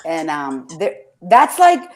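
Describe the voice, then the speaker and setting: A woman's voice: deep voice, wildly swooping pitch, takes it slowly, a little mellow. A woman hosting a casual podcast chat, rambling through stories, swearing freely and getting emotional. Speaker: podcast host.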